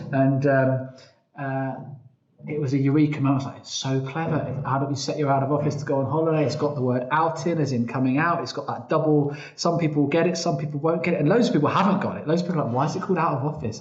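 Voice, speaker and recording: A man's voice: medium pitch, darkish tone. Chatty man in a roomy room. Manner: chatty, self-quoting, frequent restarts. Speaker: podcast guest, travel company founder. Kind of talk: casual interview storytelling. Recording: roomy, slightly dull sound.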